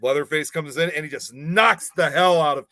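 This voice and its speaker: A man's voice: on the high side, normal speed, pushed and bright, no room sound. A man co-hosting a podcast, chatting casually and at length about horror films. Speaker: podcast co-host. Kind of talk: casual horror film discussion.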